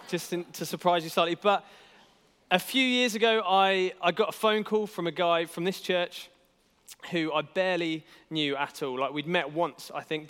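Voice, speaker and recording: A young man tells a light, self-deprecating story as a youth worker speaking to a church gathering. His voice sits a little high and rings out clear and smooth. A long hall reverb trails behind each phrase. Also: sharp tone. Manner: self-deprecating, chatty, with many fillers and restarts. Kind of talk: casual storytelling sermon.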